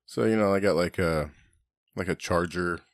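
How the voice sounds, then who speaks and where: A man's voice: low voice, moderate pace, dry recording, clean studio sound. A middle-aged man on a podcast, casually telling rambling stories full of swearing and laughter. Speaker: podcast host. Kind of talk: casual storytelling chat.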